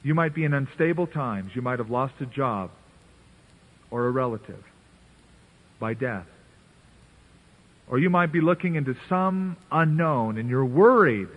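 Over a tinny radio broadcast that sounds like a phone line, a husky-voiced pastor of medium pitch delivers a sermon. He's animated yet measured, leaving long pauses, earnest and chatty in tone, and he gives the biblical figures playful voices while reading.

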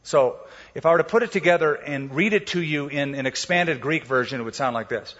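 A man's voice: fairly high pitch, brisk, fairly bright tone, long reverb tail, dull audio. A man preaching a sermon, explaining scripture in a casual storytelling way and acting out the quotes. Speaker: pastor.

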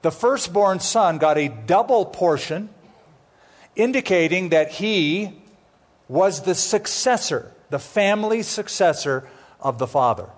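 A man teaching a Bible sermon as pastor, conversational with jokey asides, slowing down to spell out names. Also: sits high, animated.

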